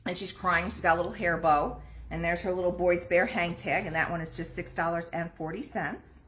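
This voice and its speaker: The host of this antique shop live stream speaks at a fairly low pitch, steady in tone, a little fast and fairly bright. She chats through the items and prices in her online sales pitch, in a room with an echo.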